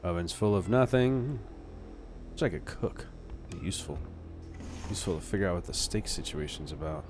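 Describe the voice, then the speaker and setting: Man, low voice, casual gameplay commentary, chatty, self-deprecating, faint hiss. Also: expressive, moderate pace, darkish tone. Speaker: let's play host.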